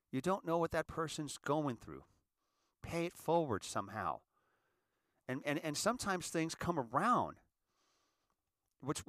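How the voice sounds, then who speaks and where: A man's voice: a little high, dry recording. Middle-aged male host, heartfelt stumbling monologue, dry close-mic sound. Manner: halting, repeats words, grows animated. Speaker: podcast host.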